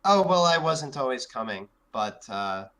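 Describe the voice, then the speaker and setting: A man's voice: medium pitch, big pitch swings, a little slow, bright, forceful tone, voice pushed up. A man voicing a guarded young woman in a tabletop game, answering in an offhand, evasive way.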